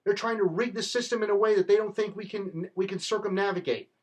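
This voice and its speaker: A man's voice: sits high, steady tone, fast talker. A man delivering an impassioned, rallying political monologue in a fervent, rhetorical manner. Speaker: political commentator.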